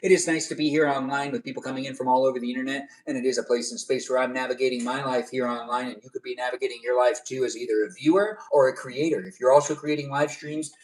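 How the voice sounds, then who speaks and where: A man's voice: mid-range voice, fairly even intonation, fast, few pauses, distant mic. A man from Los Angeles hosting a casual livestream, chatty and answering viewer comments as they come in. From Los Angeles, California. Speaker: livestream host.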